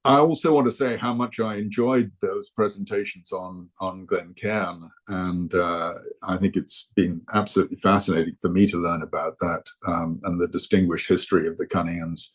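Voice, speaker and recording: A man's voice: low voice, steady tone, normal speed, few pauses. An older man giving an informal talk to a society, hesitant, with many fillers and restarts. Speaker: guest speaker.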